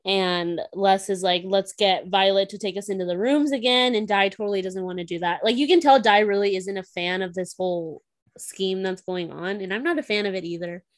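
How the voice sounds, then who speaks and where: A woman's voice: medium pitch, fairly even intonation, a little fast, no echo. Young woman, casual book-club host, chatty with lots of fillers, dry close recording. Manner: chatty, filler-heavy, laughs often.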